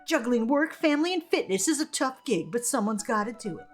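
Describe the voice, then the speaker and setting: A woman's voice: a little high, animated, normal speed, faint music behind. A woman streamer giving casual commentary on a game, laughing often and reading chat aloud.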